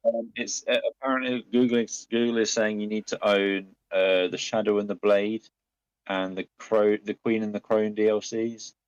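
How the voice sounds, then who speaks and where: A man's voice: lowish voice, level tone, normal speed, smooth, no room sound. A man in voice chat on a gaming stream, matter-of-fact, reading out facts as he checks them. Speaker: co-host in voice chat. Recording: dull lo-fi voice chat.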